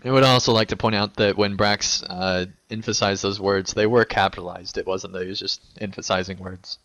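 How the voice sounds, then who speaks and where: A man co-hosting a casual podcast, talking in a relaxed, wry way. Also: fairly low pitch, brisk, no room sound. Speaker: podcast co-host.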